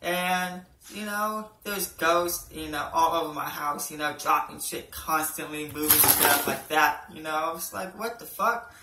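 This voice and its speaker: A man's voice: a little high, fairly even intonation, a little slow, hardly any pauses, bright, forceful tone, distant mic, a little hiss or hum. A young man doing an amateur stand-up routine, rambling and swearing, with a lot of "you know" and "right". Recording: echoey room, voice from off-mic.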